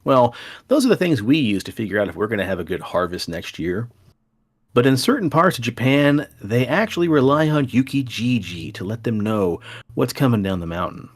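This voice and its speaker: A man's voice: medium pitch, very animated, brisk, husky. A man hosting a podcast, telling folklore tales in a playful, dramatic way. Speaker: podcast host. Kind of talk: storytelling podcast chat.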